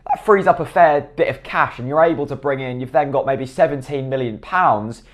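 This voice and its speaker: A man's voice: medium pitch, fairly quick. A man giving blunt, opinionated football commentary to camera, often asking and then answering his own questions. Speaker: football fan vlogger.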